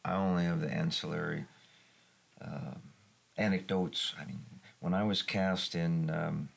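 A man from New England who acts in community theater, talking in a reflective, halting way with frequent restarts in a casual panel discussion. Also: fairly even intonation. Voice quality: gravelly, husky low voice.

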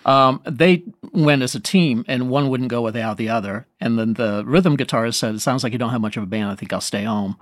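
Animated man telling a story. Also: mid-range voice, brisk, few pauses, no echo, clean studio sound. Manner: animated storyteller, quotes others in lively voices. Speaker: guest musician. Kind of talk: casual storytelling interview.

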